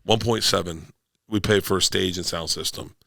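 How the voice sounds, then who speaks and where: A man's voice: low voice, steady tone, moderate pace, vocal fry, pushed and bright, no echo, studio quality. A man who is a touring stand-up comedian and podcast guest, telling rambling tour stories in casual chat, swearing freely and acting out other people's lines.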